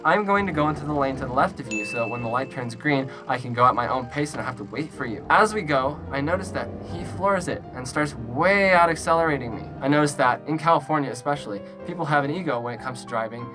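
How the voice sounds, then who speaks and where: A woman's voice: extremely low pitch, animated, quick pace, hardly any pauses, music in the background. A woman vlogger telling her own stories straight to the camera, blunt and profane, with a confrontational way of talking. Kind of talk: personal storytelling to camera.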